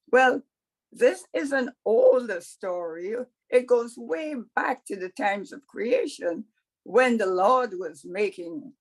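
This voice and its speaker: A woman's voice: medium pitch, rough recording. A woman storyteller telling a folktale in a chatty, joking way. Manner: chatty, jokey.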